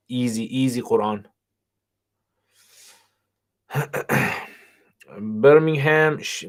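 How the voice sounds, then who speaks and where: A man hosting a casual livestream Q&A while driving, reading viewer questions aloud and answering them in a relaxed, chatty way. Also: on the low side. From England. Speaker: channel host, Islamic teacher. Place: car, driving while streaming.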